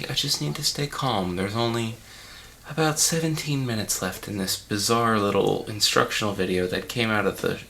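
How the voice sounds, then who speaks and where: A man plays a self-important art-film director who rambles through a comedy commentary track while queasy, dizzy and unwell. The voice is bright and forceful, mid-range and creaky, drifting between panic and grandeur.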